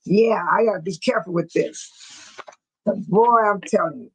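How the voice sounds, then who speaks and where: A woman's voice: medium pitch, slightly rough, low-quality recording. A woman hosting a casual livestream, chatting with viewers, repeating herself and laughing often. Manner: repetitive, chatty, quick to laugh. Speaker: livestream host. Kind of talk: casual live chat with viewers.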